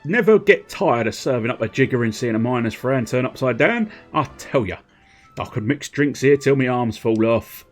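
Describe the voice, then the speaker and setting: A man voicing a soft-spoken male bartender father, low and gentle. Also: expressive, moderate pace, faint music behind, lightly acted.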